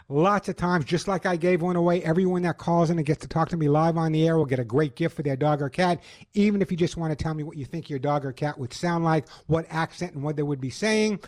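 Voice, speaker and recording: A middle-aged man hosting a call-in pet radio show, chatty and enthusiastic with a joking manner. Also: on the high side.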